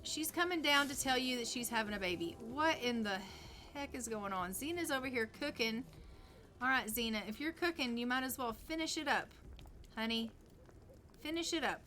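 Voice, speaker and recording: A woman's voice: high voice, lively intonation, moderate pace, pushed and bright. A woman streaming a life-sim game, chatting casually with her viewers and her sims.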